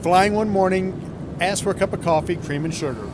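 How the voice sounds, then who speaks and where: A man's voice: sits high, a little fast. A man, a flight attendant, chatting and telling an anecdote, acting out the people in it. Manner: chatty, plays the people in his stories. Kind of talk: casual storytelling. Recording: clear traffic noise behind.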